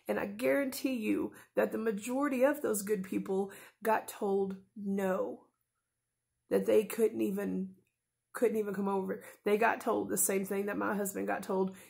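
A woman in her thirties speaks straight to her phone camera at home, earnest and a little rambling, her feelings close to the surface. Her voice sits at a middle pitch with a gravelly, creaky edge. It sounds like a casual home vlog. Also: fairly even intonation, unhurried. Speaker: vlogger.

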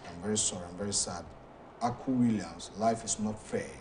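A Ghanaian man with a fairly low voice hosts a talk show, reading out viewer messages haltingly and stumbling over names. He sits back from the microphone, and steady background noise runs under his voice. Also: recorded from a distance. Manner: halting, hesitant reading with frequent fillers.

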